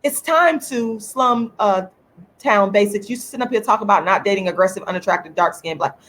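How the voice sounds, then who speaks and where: A woman hosts her own online show and delivers a fiery, repetitive monologue. Her voice sits at an ordinary middle pitch, and she keeps hammering her points home. Every so often she thanks viewers in the live chat. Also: brisk, a bit bright. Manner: emphatic, repetitive, preaching tone. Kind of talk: impassioned livestream monologue.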